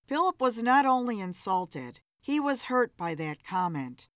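A woman narrating an audiobook story in a plain, steady manner. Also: fairly high pitch, slow, few pauses, dry recording, studio quality.

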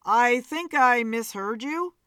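A woman's voice: fairly high pitch, expressive, slow pace, bright, forceful tone, clean tone, dry recording, full character voice. A woman voicing a polite, whiny, strange man in an audiobook story. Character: odd whiny man in bow tie.

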